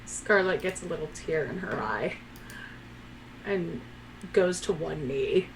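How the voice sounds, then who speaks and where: A woman's voice: low voice, animated, slow pace, slight background noise, poor audio. A woman playing a tabletop game, playful with laughing asides. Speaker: player.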